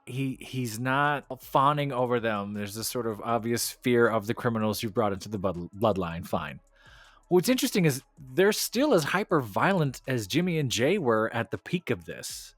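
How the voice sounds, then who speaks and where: A man's voice: medium pitch, moderate pace, no room sound. Man, podcast co-host, casual opinionated chat, dry close sound, faint music behind. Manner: opinionated, animated, laughs often.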